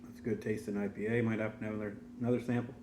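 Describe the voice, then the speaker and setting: A man's voice: fairly low pitch, rapid-fire, background noise. Man telling a joke. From Ontario, Canada. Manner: relaxed storyteller with frequent fillers and throat clearing. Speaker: host. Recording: echoey room.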